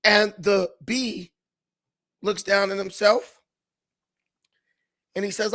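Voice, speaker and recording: A man hosting a talk show, telling a fable in a casual, animated, slangy way. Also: high voice, takes it slowly. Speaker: host.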